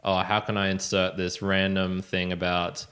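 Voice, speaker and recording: A man hosting a casual podcast in a very deep voice. He talks in a relaxed, unhurried way and often pauses on fillers. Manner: relaxed, hesitant, with many fillers and restarts. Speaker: podcast host.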